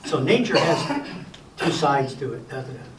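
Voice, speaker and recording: An older man presenting a Sabbath school lesson in a relaxed lecture style, folksy and wry with gentle humor. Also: mid-range voice, measured pace, recorded from a distance, a little hiss or hum. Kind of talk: casual lecture to a class. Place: church classroom. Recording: echoey room recorded from afar.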